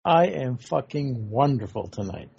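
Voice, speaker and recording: A man's voice: mid-range voice, expressive, measured pace, vocal fry, a little mellow, breathy edge, lo-fi sound. A man co-hosting a podcast in casual, teasing chat. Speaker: podcast co-host.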